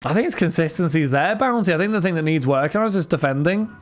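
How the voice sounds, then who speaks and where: A man's voice: on the high side, expressive, fast talker. Chatty man hosting a live stream. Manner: chatty, addresses chat and viewers by name, frequent restarts. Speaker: livestream host running card breaks. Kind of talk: casual livestream chat.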